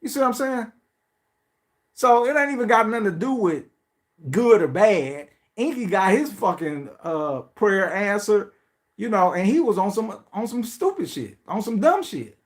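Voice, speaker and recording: A man's voice: sits high, very animated, normal speed. A man hosting a podcast, talking in a casual, profane monologue that swings between mocking pleading voices and blunt asides. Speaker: podcast host.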